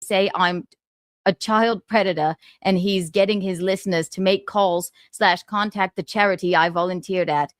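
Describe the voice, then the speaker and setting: A woman reading online posts aloud in a flat, matter-of-fact way. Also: mid-range voice, moderate pace, dry recording, clean studio sound.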